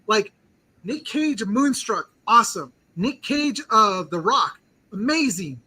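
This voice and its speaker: A male host with a high voice and a sharp, cutting brightness. He leads a casual chat, rambling eagerly and leaning on "like" as he thinks aloud. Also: sing-song, slow, slightly rough, poor audio. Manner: eager, rambling, heavy use of "like". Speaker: podcast host.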